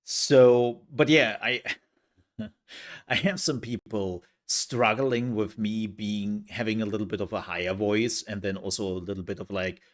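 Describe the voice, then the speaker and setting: A man's voice: fairly low pitch, fairly even intonation, measured pace. A young man chatting casually to his livestream viewers, rambling with lots of fillers and laughs. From outside the US, from a country with universal healthcare. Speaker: streamer.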